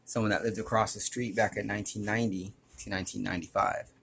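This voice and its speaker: A man's voice: lowish voice, fairly even intonation, fast talker, creaky, a bit bright, husky. A man telling a personal story to his channel in a rambling, earnest and aggrieved way, often restarting his sentences. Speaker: YouTuber.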